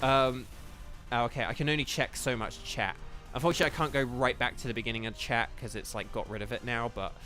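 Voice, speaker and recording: A man's voice: medium pitch, bright, forceful tone. A young man chatting casually on a live game stream, rambling with lots of fillers and apologies, speaking into a desk microphone at home.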